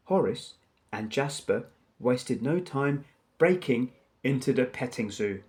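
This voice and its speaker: A man narrating a children's storybook aloud in a measured storytelling manner. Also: mid-range voice, animated, darkish tone.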